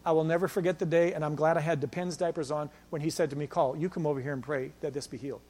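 High-voiced man preaching a sermon. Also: fairly even intonation, fast talker. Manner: preaching with big swings from loud to hushed storytelling. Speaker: pastor.

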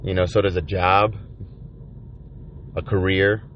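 Low-voiced guy rambling and cursing in his van, lots of restarts, kinda muffled recording. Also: level tone, a little hiss or hum. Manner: profane, halting, with many restarts. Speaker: vlogger. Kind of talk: rambling confessional monologue. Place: inside a van by the ocean. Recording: dull lo-fi recording.

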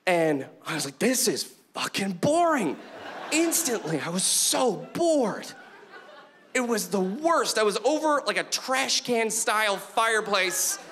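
A man's voice: high voice, a little slow, a little hiss or hum. A middle-aged man doing a stand-up comedy set on a club stage, talking animatedly and acting out voices. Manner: animated, acts out voices and quotes. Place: comedy club stage before a live audience.

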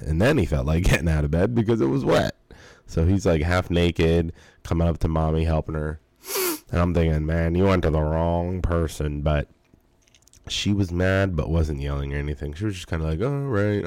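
A man's voice: extremely low pitch, mellow, no echo. A young adult man hosting his podcast, tired and yawning, rambling casually with fillers and swearing. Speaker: podcast host. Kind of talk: casual early-morning monologue.

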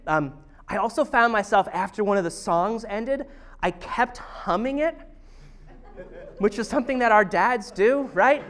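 A man's voice: sits high, expressive, a little slow, a bit bright. A man in his thirties, a pastor, preaching a conversational, self-deprecating sermon with storytelling. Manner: chatty, self-deprecating, humorous. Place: church service.

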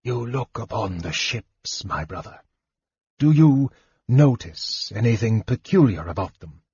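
A man's voice: lowish voice, lively intonation, measured pace, no echo, full character voice. Raistlin, a man whispering as a bitter mage. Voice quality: husky, breathy. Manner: soft caustic whisper. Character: frail bitter young male mage, coughing and caustic. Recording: dull dry recording.

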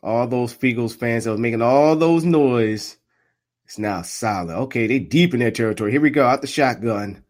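A man doing casual live play-by-play of a football game, trash-talking and laughing, swinging from muttered asides to loud outbursts. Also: medium pitch, expressive, moderate pace. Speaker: live sports commentator and streamer.

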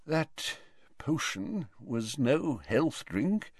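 A man voicing a weakened, elderly wizard who stays calm and in command, speaking slowly and quietly. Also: medium pitch, breathy edge, dry recording, clean studio sound, pitched above the performer's own voice, exaggerated voice. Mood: weak.

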